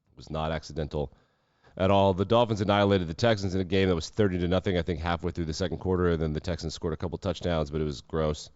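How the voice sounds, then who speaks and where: Deep-voiced sarcastic sports podcaster. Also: male voice, steady tone, darkish tone, no room sound, dull audio. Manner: sarcastic, profane, quick asides. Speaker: podcast host. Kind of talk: casual sports commentary.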